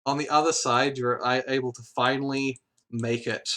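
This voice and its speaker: A man narrating as game master in a tabletop game, halting with frequent fillers and quick apologies. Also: mid-range voice, fairly even intonation, fairly bright tone.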